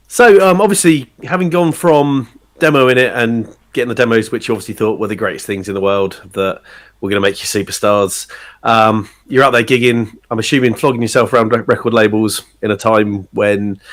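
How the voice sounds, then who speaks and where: A man's voice: on the low side, fairly even intonation, normal speed. A man hosting a radio show, interviewing a guest with easygoing, dry humour. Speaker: radio host. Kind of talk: casual radio chat.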